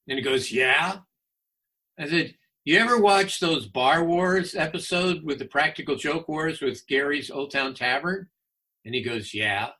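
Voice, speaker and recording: A man in his sixties, a guest on an interview, telling baseball stories in a chatty, animated way and laughing often. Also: on the high side, husky. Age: 60s. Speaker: guest, former baseball announcer. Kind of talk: casual anecdotal storytelling.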